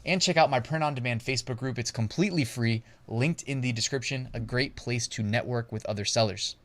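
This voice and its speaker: A man's voice: mid-range voice, a little fast, a bit bright. A man hosting an online business channel, talking through screen research in a chatty way, laughing at himself and thinking aloud. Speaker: host.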